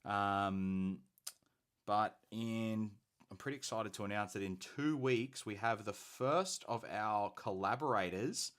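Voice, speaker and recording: A man's voice: on the low side, takes it slowly, fairly bright tone. An Australian man hosting a hobby painting live stream, chatty and rambling as he thinks aloud. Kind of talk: casual live-stream chat.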